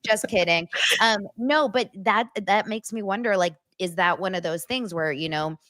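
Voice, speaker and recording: A woman's voice: medium pitch, moderate pace, a bit bright, dry recording. A woman hosting a podcast, talking in a chatty, jokey way with plenty of fillers. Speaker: podcast host. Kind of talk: casual chat.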